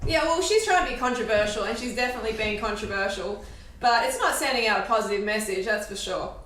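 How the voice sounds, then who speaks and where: High-voiced woman vlogging in an echoey room. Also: lively intonation, fast, a bit bright, distant mic, slight background noise. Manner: chatty, laughs often, opinionated. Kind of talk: casual chat to camera.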